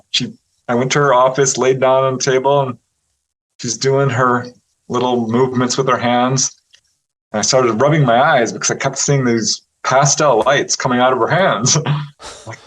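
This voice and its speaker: A man with a voice of middling pitch, speaking as an interview guest. He tells his stories in a casual, lively way, often laughing and putting on voices for the people he quotes. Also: moderate pace, rough recording. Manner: animated storyteller who laughs often and acts out quotes. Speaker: interview guest, UFO researcher.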